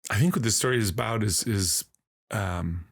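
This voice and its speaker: A man telling a long, animated story as a podcast guest in casual conversation. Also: on the low side, vocal fry, husky. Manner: slow, drawn-out, animated storytelling.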